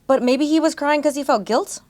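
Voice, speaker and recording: A woman's voice: high voice, brisk, a little mellow. Chatty woman podcast co-host. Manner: chatty, puts on voices when quoting. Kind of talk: casual chat.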